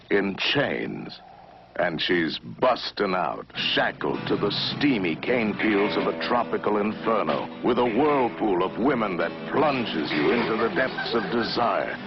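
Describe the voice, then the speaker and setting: An actor voicing a lurid, booming announcer in an old exploitation film trailer. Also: male voice, expressive, slow, highs cut off, over music. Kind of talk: dramatic vintage trailer narration.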